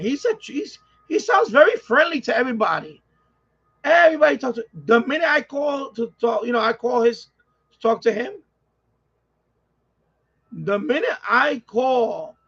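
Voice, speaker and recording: New York streamer guy, high gravelly voice, profane rambling rant, dull lo-fi sound. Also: fairly bright tone. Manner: ranting, profane, rambling with repeats. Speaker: live stream host. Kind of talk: casual live-stream chat. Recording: slightly dull lo-fi audio.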